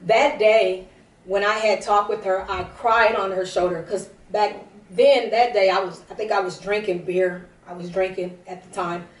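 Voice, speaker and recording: A woman's voice: medium pitch, steady tone, moderate pace. A woman giving a tearful personal testimony, rambling with many restarts. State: teary. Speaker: prophetess broadcasting a service. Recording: roomy, distant from the mic.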